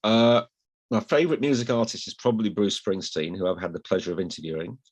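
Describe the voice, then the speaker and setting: A middle-aged man from Hull with a slight northern accent and flat vowels, chatting as an interview guest in a rambling, self-deprecating way. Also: on the low side, fast talker, breathy edge. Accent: slight northern English, flat vowels. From Hull, England. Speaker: guest, newspaper columnist. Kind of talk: casual interview chat.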